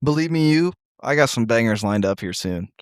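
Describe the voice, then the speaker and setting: A man's voice: medium pitch, expressive, brisk, dry recording, clean studio sound. A young man hosting a casual podcast, swearing freely, stammering into restarts and laughing often. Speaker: podcast host.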